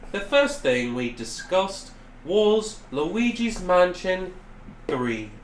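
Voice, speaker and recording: A man's voice: high voice, big pitch swings, slow pace. A young man hosting a casual podcast chat, teasing and laughing as he jumps in. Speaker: podcast host. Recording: roomy echo, faint hiss.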